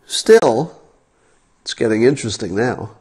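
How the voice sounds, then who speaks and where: Male livestream host, middle pitch, wry and incredulous, casual commentary straight to viewers. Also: expressive, measured pace, a little mellow, breathy edge.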